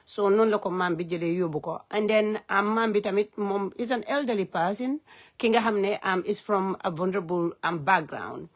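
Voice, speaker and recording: A woman speaking unscripted on a live stream from her phone. She is earnest and heartfelt, and she talks haltingly with many "um" fillers as she switches between languages. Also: medium pitch. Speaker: live-stream host and advocate.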